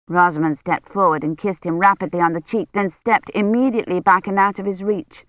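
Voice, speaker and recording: A woman reading a novel aloud as audiobook narrator in a measured, even way. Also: fairly low pitch, no room sound. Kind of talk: scripted narration. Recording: dry, dull lo-fi audiobook recording.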